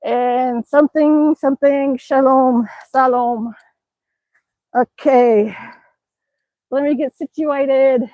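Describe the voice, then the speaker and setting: A cheerful woman from Alaska talks to her live-stream viewers while exercising outdoors, a little out of breath. Her voice sits high and bright in pitch, and she chats in a chatty, exclaiming way. The sound is close and dry, with almost no room around it. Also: steady tone, takes it slowly, long pauses, no echo, low-quality recording. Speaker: livestreaming vlogger. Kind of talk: casual live-stream chat.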